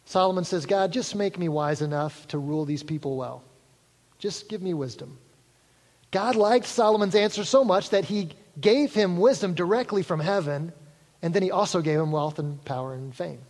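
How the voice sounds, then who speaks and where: A man preaching a sermon in a high, light voice. He talks conversationally and draws the congregation in with jokes. His voice carries a long reverb from a large church hall. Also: normal speed, a little mellow. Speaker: pastor.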